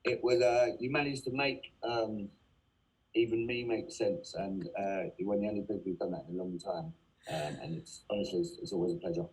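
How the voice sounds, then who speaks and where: DJ, husky, worn out, rambling, webcam mic. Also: male voice, lowish voice, steady tone, a little fast, a little mellow, poor audio. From South London. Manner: rambling, many fillers, casual swearing. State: tired after a long studio day. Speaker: guest DJ and producer. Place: music studio.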